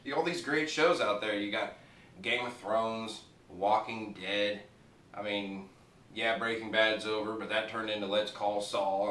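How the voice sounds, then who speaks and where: The speaker is a male TV show reviewer whose lowish voice has a fairly bright tone. In a rambling, casual style, he swears a lot and laughs at his own humor. The room is echoey, the mic distant, and there's faint noise.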